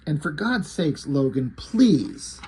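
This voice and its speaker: A man reading as a calm, measured genius. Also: on the high side, slight background noise. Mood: reassuring. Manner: reassuring, measured. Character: calm brilliant male scientist.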